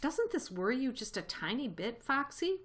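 A woman reading a storybook voices a fretful, excitable old badger. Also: sits high, normal speed, voice pushed up. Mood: worried.

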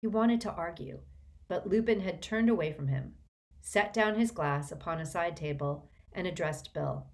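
Woman reading a story aloud, expressive, lowish voice. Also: moderate pace. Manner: expressive, shifts voices for characters. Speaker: audiobook narrator.

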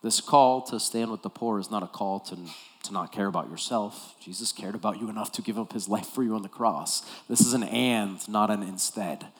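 A man preaching a sermon as pastor, telling a story with animated delivery and acting out the scenes. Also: lowish voice, fairly quick.

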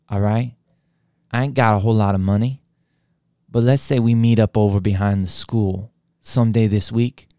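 A stoned, bloodshot stranger pleads and pushes in a slow, lazy drawl, as a man puts him on. The voice is a little low and smooth, and the recording is dry and close. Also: mellow, no room sound, lightly acted.

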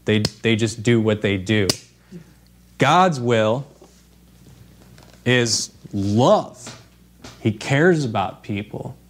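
A man preaching an informal sermon in a conversational way, with fillers and restarts. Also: lowish voice.

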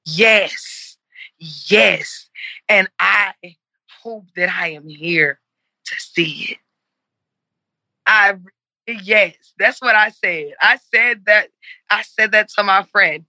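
A woman's voice: mid-range voice, drawn-out words, pauses often, sharp tone, no room sound, lo-fi sound. A woman in her forties, speaking earnestly and with passion in an interview and repeating herself for emphasis. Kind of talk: heartfelt conversational interview.

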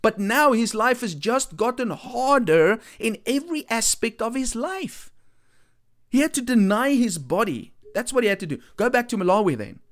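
A man's voice: extremely high pitch, animated, normal speed, fairly bright tone. Earnest man preaching. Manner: earnest, repeats for emphasis, frequent restarts. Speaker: Christian speaker.

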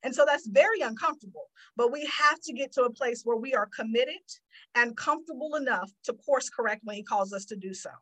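A woman host giving sermon-style teaching, animated as she acts out prayers and God's replies. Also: fairly high pitch, a little fast, poor audio.

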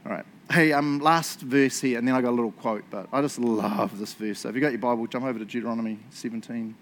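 A man preaching a casual sermon, telling stories in an excitable, chatty way and laughing along. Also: medium pitch, fast talker, a little hiss or hum.

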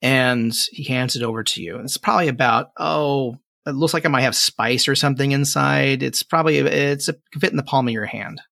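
Casual, rambling game master. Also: male voice, medium pitch, a little fast, vocal fry, hardly any pauses, sharp tone, no echo, clean studio sound. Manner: casual, rambling, filler-heavy. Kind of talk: narrating a tabletop game.

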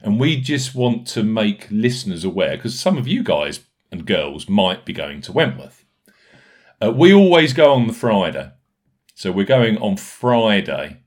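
A man hosting a casual podcast in a fairly low voice. He talks briskly and jokes with his co-host, moving quickly through notes and listener reviews. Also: very animated. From United Kingdom.

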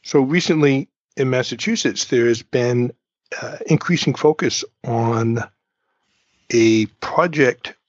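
A man's voice: medium pitch, takes it slowly, no room sound, dull audio. A man hosting a short talk show, explaining things casually and informally, step by step, with asides, before bringing in a guest. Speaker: host. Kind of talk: conversational explainer, interview intro.

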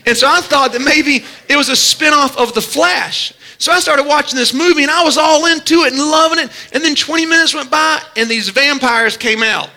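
A male preacher, delivering a sermon as dramatic storytelling that swings from hushed lows to shouted pleas. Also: brisk, few pauses.

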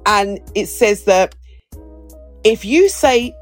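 A woman co-hosts a podcast in a mid-range, expressive voice, talking a little fast over faint music. Her casual chat rambles playfully, and she keeps restarting her sentences.

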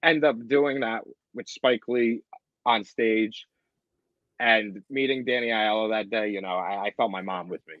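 A man's voice: fairly low pitch, steady tone, unhurried, no echo, lo-fi sound. A young man, a comedian, telling stories in a casual interview with frequent laughs. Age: young adult. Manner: chatty storyteller, laughs often, slips into impressions. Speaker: guest, comedian and impressionist.

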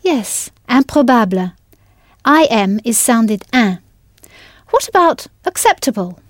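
A woman's voice: a little high, big pitch swings, takes it slowly, no room sound, clean studio sound. A woman teaching a language in a scripted audio lesson, patient and encouraging, spelling words out letter by letter.

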